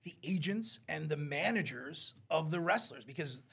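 Male interview guest, raspy and gravelly, animated storyteller. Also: fairly high pitch, moderate pace. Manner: animated storyteller, acts out quotes. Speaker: wrestling promoter guest. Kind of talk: casual interview chat.

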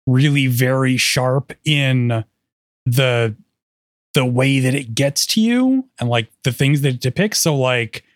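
A man's voice: mid-range voice, expressive, takes it slowly, no echo, clean studio sound. A man co-hosting a podcast in casual chat, talking hesitantly with lots of "like" fillers. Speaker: podcast co-host.

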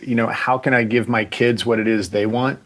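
A man in his forties, a podcast guest chatting casually, relaxed and rambling with restarts and asides. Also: medium pitch, normal speed. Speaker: podcast guest, agency founder. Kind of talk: casual interview chat.

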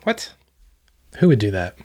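A man's voice: medium pitch, moderate pace. An American man co-hosting a casual chat, riffing with jokey, exaggerated asides. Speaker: co-host.

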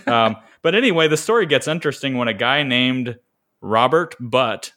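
A man's voice: medium pitch, animated, moderate pace, sharp tone. A man with a Northwest Ohio accent co-hosting a casual podcast chat, telling stories and laughing often. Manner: chatty storyteller, laughs often. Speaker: podcast co-host.

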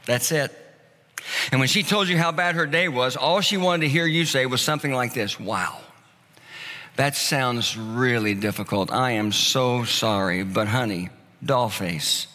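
A man's voice: medium pitch, pushed and bright. A man preaching a sermon in a church, telling stories in a conversational way and acting out the lines of people in them. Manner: conversational storytelling, acting out dialogue. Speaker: pastor. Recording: long hall reverb.

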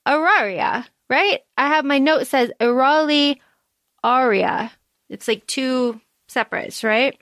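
Female podcast co-host, fairly high pitch, dry close sound; excitable and profane, casual book recap. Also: no room sound. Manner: excited, swears freely, acts out quotes.

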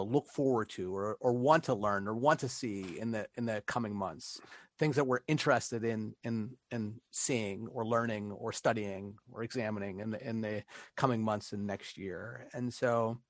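A man from Pittsburgh co-hosting a podcast, upbeat and quick to laugh, with lots of "uh" and "you know" as he talks. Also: lowish voice, dry recording. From Pittsburgh, United States. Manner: upbeat, laughs easily, many fillers. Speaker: podcast co-host. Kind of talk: casual chat.

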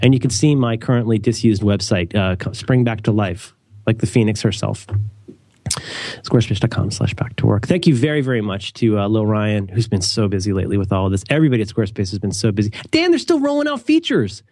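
Animated rambling middle-aged man. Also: fast, no room sound, studio quality. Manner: animated, rambling, jokey, with sudden high leaps. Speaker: podcast co-host reading an ad. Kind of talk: casual podcast chat.

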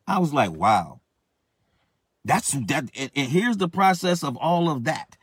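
A man's voice: fairly high pitch, expressive, moderate pace, slightly rough, no echo. Impassioned man preaching, dry sound. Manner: impassioned, repetitive exhortation. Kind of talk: sermon.

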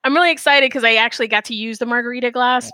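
Woman, podcast host, casual chat, fairly high voice, bright, animated, headset mic. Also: very fast, no room sound. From Texas. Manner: chatty, animated, many fillers and acted-out quotes. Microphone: call center headset.

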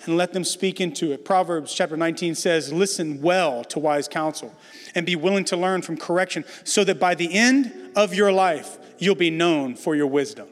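A man's voice: fairly high pitch, moderate pace. A middle-aged man preaching a sermon to a congregation, emphatic and conversational, with self-deprecating jokes. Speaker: pastor. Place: large church hall before a congregation. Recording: reverberant hall with soft music behind.

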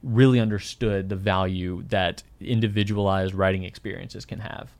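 A man's voice: deep voice, fairly even intonation, normal speed, a little mellow. A man co-hosting a podcast, chatting casually with wry jokes and long stories. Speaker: podcast co-host. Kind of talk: casual chat.

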